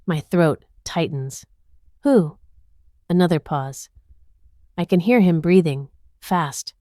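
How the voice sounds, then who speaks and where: Woman reading a tense first-person drama, lowish voice, super dry close sound. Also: slow pace, dark tone, no echo. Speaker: narrator.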